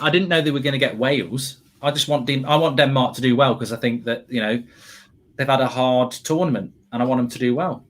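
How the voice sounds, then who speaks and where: A man hosting a live football watchalong, chatting excitedly with frequent restarts. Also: medium pitch. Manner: excitable, quick restarts and self-corrections. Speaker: host.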